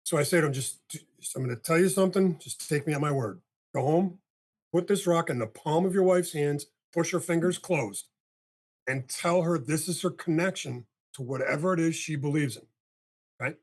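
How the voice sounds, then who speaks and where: An older man, a podcast guest, telling a long story in casual talk and acting out the dialogue with a husky voice. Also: fairly high pitch, normal speed. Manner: animated storyteller, acts out dialogue, swears casually.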